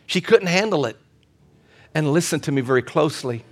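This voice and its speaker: A man's voice: a little high, moderate pace. A pastor preaching a sermon in a church service, emphatic and repetitive, with his intensity building as he goes. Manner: emphatic preaching with repeated phrases and rising intensity.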